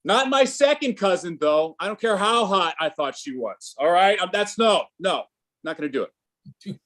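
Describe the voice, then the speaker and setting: A man doing a stand-up set over a video call, halting with many fillers and restarts. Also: high voice, animated, a bit bright. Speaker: stand-up comic.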